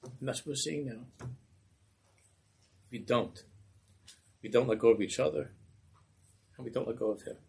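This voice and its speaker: A man telling a Hasidic story as a sermon, animated and acting out the voices. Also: mid-range voice, normal speed, vocal fry, pauses often, breathy edge, poor audio.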